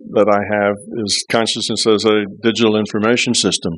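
A man's voice: on the low side, little pitch movement, fairly quick, hardly any pauses, fairly bright tone, poor audio. A man who is a physicist answering an audience question, explaining patiently and often saying "you see" and "you know". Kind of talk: live Q&A explanation.

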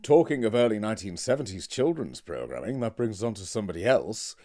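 A man's voice: lowish voice, quick pace. A man with a Liverpudlian accent, a drama teacher co-hosting a casual podcast chat and telling anecdotes. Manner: animated storyteller, laughs while telling anecdotes. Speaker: podcast co-host.

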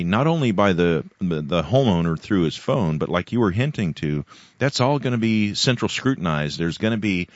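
A man's voice: low voice, no echo. A man hosting a podcast, talking in a casual, hesitant way full of fillers. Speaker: podcast host. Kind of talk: casual conversation. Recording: dull lo-fi sound, dry.

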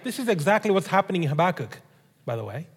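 A male pastor preaches, walking his congregation through a story in an animated way. His voice sits very high for a man. The sound rings with a long reverb as in a large hall. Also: fast talker, breathy edge. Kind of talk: sermon.

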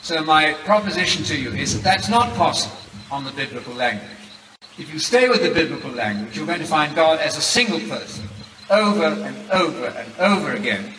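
A British man giving a formal debate statement in a measured, emphatic way, slowing down to stress key words. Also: on the high side, sing-song. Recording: echoey hall, heard from far off, background noise.

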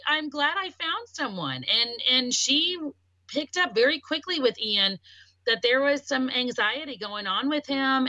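A woman in casual podcast conversation, telling a personal story in an animated way and voicing the people she quotes. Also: on the high side, no room sound. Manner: voices quoted speech. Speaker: podcast talker.

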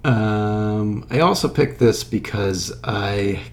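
A man's voice: fairly low pitch, takes it slowly. A man co-hosting a casual podcast chat, laid-back, laughing often and trailing off mid-sentence. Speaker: podcast co-host.

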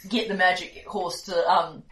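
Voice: medium pitch, steady tone, moderate pace, fairly bright tone. A player in a tabletop game, chatting agreeably and laughing easily. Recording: roomy sound, mic at a distance.

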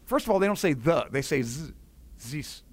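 A man co-hosting a casual chat show, blunt and teasing, quick to knock what his partner likes. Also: fairly high pitch, very animated. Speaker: podcast co-host.

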